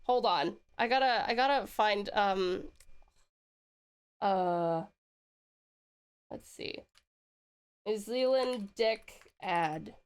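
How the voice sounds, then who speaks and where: A woman's voice: mid-range voice, extremely slow, long pauses, clear, resonant tone. An Australian woman streaming live, chatting casually, giggling and reading out chat messages. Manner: giggly, excitable, swearing, reads chat aloud.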